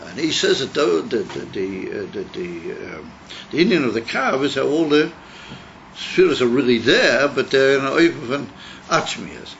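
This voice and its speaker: A rabbi leads a text-study lesson, explaining each idea and thinking aloud with restarts. His voice sits at an ordinary middle pitch for a man. The recording is dull and lo-fi with a faint hiss behind him. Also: lively intonation, moderate pace, gravelly, a bit bright. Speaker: rabbi teaching a class.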